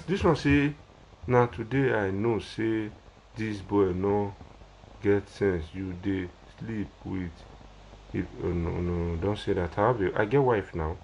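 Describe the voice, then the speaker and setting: A young man with a Nigerian Pidgin English accent speaks in a slightly low voice. He rambles and repeats himself as he pleads with his viewers. He sounds like someone talking casually on a live phone video. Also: a little slow, long pauses, a little mellow. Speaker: social media personality.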